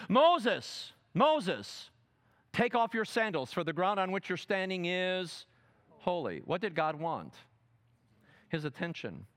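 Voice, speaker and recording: Animated preacher man with lively pitch. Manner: dramatic, rising to loud emphatic quotes and dropping to soft asides; asks the audience fill-in questions. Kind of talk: seminar teaching sermon.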